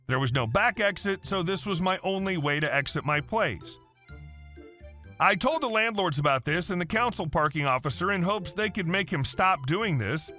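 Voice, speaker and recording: A man narrating story posts in a scripted, wry, animated way. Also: high voice.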